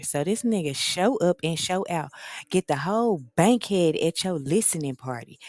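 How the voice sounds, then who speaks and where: A woman with a slightly low voice hosting a reaction channel. She recaps reality TV drama in a sassy, slangy, animated way. The sound is dry and close. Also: dry recording. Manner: animated, slangy, sassy storyteller who acts out the quotes. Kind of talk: casual reality-TV recap commentary.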